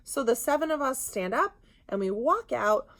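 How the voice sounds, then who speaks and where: A woman co-hosting a podcast, telling a story in casual chat, animated and indignant. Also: high voice, normal speed. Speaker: podcast co-host.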